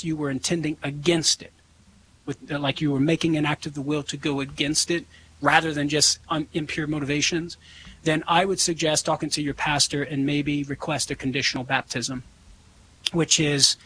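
A man's voice: fairly high pitch, sharp tone, a little hiss or hum. A man answering callers on a call-in show, earnest and conversational, laughing easily.

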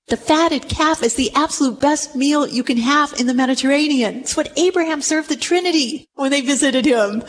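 A woman preaching a sermon to a room, retelling a story with animated delivery and acted-out quotes. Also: high-pitched, moderate pace, few pauses.

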